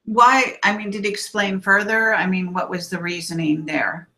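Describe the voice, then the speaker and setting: A woman hosting an online live-stream interview, asking questions haltingly with many fillers. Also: mid-range voice, fairly even intonation, sharp tone, poor audio. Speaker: host.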